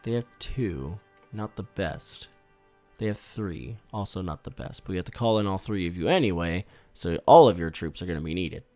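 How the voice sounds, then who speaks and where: A man giving casual, swear-laced commentary while playing a strategy game, bursting out loudly when things go wrong. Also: low voice, lively intonation, normal speed, no echo, soft background music. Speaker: gaming YouTuber.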